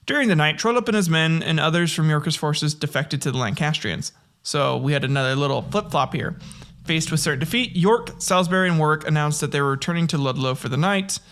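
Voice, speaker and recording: A man's voice: fairly high pitch, expressive, brisk, fairly bright tone. A man hosting a casual history podcast, reading from notes with slips and breaking into profane jokes. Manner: profane, joking, reads from notes with slips and laughs. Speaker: podcast host.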